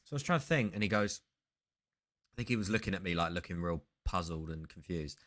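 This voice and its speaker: A man's voice: sits low, expressive, fast, a bit bright. A man hosting a casual live stream, chatting loosely and breaking off mid-sentence to ramble through stories. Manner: rambling, self-interrupting storyteller. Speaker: sports card streamer.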